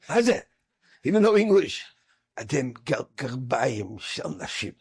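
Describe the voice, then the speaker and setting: Man, middle-aged, storytelling, husky, animated, acts out quoted speakers. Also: mid-range voice, a little slow. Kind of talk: storytelling talk.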